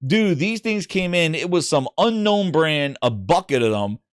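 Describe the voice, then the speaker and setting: Male gaming host, high, very animated pitch, casual profane storytelling. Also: measured pace, smooth, no echo, studio quality. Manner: animated, swearing, acts out voices in anecdotes.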